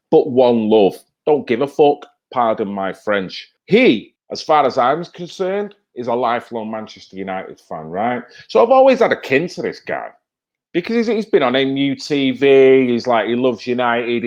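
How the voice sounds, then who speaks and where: A man's voice: medium pitch, lo-fi sound. A man commenting on TV clips in a heated, emphatic rant, often tagging his points with "right?". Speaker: video commentator. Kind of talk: reacting to TV clips, ranting.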